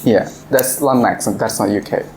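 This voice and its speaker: A man's voice: fairly low pitch, brisk, crowd noise, poor audio. A young man leading a casual classroom discussion, explaining step by step and laughing often. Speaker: visiting language teacher. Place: classroom in a language club.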